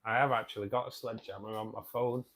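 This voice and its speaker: Speaking fast with a steady tone, this Mancunian livestream host in his forties has a fairly low but fairly bright voice. He's from the outskirts of Manchester and keeps things chatty and matey, reading viewer comments aloud and replying to them.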